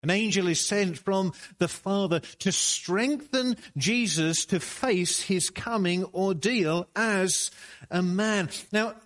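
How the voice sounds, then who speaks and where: Male preacher, unhurried sermon delivery, slightly raised pitch. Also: a bit bright. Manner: slow, deliberate preaching with rising emphatic peaks.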